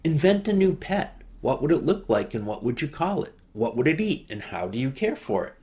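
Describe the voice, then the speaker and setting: A minister calmly reading writing prompts during a service in a measured way. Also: male voice, medium pitch.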